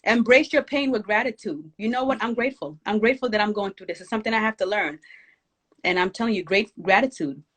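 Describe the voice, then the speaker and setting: A woman's voice: mid-range voice, lively intonation, fast, a bit bright. Emphatic woman, rousing encouragement. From Jamaica. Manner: emphatic, encouraging, preacher-like exhortation. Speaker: guest, author. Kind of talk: inspirational conversation.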